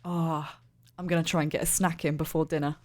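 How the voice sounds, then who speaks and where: A woman talks through her moves in a tabletop game. Her voice sits a little low for a woman, and she rambles casually, trailing off with fillers. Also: flat delivery, fairly quick, a little mellow. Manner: casual, chatty, hesitant with fillers. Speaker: player.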